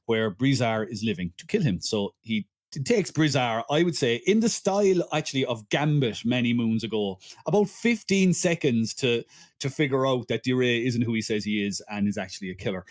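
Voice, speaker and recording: A man hosting a casual comedy podcast, rambling through a film plot with restarts and asides. His voice sits at a middling pitch, easy and conversational, with chatty self-interruptions. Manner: rambling, stumbling restarts, frequent laughter. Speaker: podcast host.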